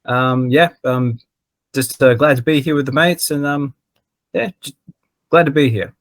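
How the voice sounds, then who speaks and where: A man's voice: mid-range voice, a little slow, no echo. A man chatting casually, hesitant with many fillers. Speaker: podcast panelist. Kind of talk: casual chat.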